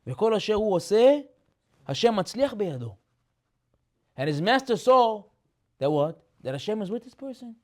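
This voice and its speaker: A man giving an animated sermon as a rabbi. He repeats phrases, mixes in Hebrew terms, and builds to loud emphatic peaks. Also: sits high, normal speed, long pauses.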